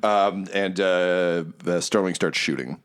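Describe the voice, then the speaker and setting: Here is a man with a low, deep voice, narrating as game master for a tabletop role-playing session. He talks casually and hesitantly, filling his sentences with ums and uhs as he describes the scene. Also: slow pace, fairly bright tone, smooth.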